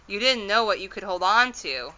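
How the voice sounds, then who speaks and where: A woman's voice: mid-range voice, lively intonation, normal speed, bright, forceful tone, muffled recording. A woman voicing an elderly tiny borrower father who speaks in rustic, ungrammatical phrases in a storybook read-aloud. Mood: explaining. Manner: rustic ungrammatical speech, rambling and reassuring.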